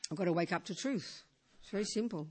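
An older woman teaching as a Buddhist teacher in an informal talk. She speaks conversationally, with frequent "you know" and rhetorical questions, and swings between emphatic and hushed delivery. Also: lowish voice, quick pace, slightly rough.

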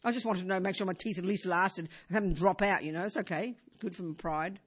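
An older woman's lowish, slightly rough voice carries an informal Buddhist teaching at a somewhat fast pace. It's conversational, with frequent "you know" and rhetorical questions, and she alternates between emphasis and near-whispers.

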